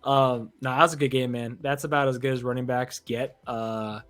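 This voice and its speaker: A man's voice: medium pitch, steady tone, normal speed, fairly bright tone. A young man hosting a casual sports podcast chat, loose and laughing with lots of fillers. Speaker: podcast host.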